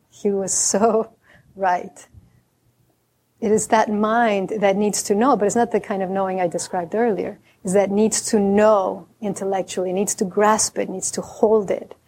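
Warm-voiced woman giving a dharma talk. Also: medium pitch. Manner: reflective, slows to stress key words; candid, self-deprecating humor. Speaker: Zen teacher.

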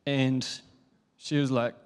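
A young New man preaching a sermon, telling a family story in a lively, chatty way with frequent laughs. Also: medium pitch, slow pace, clear, resonant tone. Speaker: pastor.

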